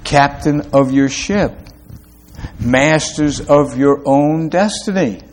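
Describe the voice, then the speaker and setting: A pastor preaching a sermon, asking rhetorical questions and rising to emphatic peaks, with quick asides between slow, stressed phrases. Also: male voice, on the high side.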